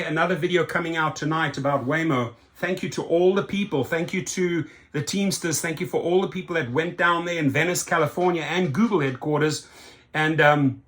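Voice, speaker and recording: A man's voice: a little high, moderate pace, a bit bright. A man from South Africa hosting a rideshare channel, giving emphatic opinion commentary and often tagging his points with "right?".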